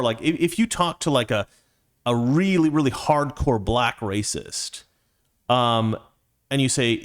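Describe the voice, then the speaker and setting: A man hosting his own show, delivering a rambling opinion monologue full of restarts and digressions. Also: medium pitch. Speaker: show host.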